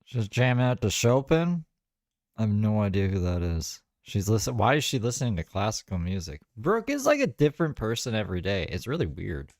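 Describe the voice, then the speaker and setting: A man's voice: on the low side, sing-song, a little fast, darkish tone, no echo, clean studio sound. A man giving casual, wry commentary on videos, musing aloud and talking to his viewers.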